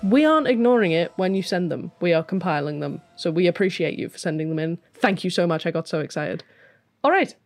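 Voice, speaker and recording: A woman's voice: fairly low pitch, brisk. Bubbly woman with faint music. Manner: bubbly, excitable, teasing. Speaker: podcast co-host. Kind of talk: casual podcast chat, plugging the show.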